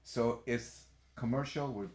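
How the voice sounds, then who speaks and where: A middle-aged man, a background actor, telling a lively story in a casual chat and acting out the other people's voices. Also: medium pitch, a little slow, reverberant. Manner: animated, acts out quoted voices.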